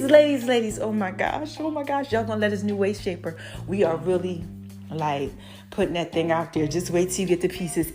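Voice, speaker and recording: A young adult woman talks straight to her listeners as a podcast host, chatty and animated. Her voice sits fairly high and jumps up and down in pitch, drawing out her exclamations. Faint music plays quietly behind her. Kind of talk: casual chat.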